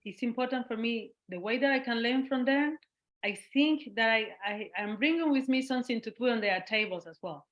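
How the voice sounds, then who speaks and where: Recorded with a muffled sound, a guest artist from Cuba talks a little fast in a voice on the high side, carrying a Cuban Spanish accent. During the casual interview she's animated, laughs often and voices the people she quotes.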